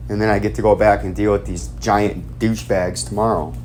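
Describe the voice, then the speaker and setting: A man's voice: on the low side, fairly even intonation, a little fast, a little mellow, faint music behind. A man hosting a casual crypto vlog, rambling and ranting with heavy profanity.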